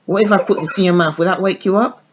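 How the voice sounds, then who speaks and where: A woman's voice: lowish voice, steady tone, quick pace. Chatty woman cooing over baby dolls. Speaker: doll channel vlogger. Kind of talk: casual toy unboxing demo. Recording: dull lo-fi sound with faint noise.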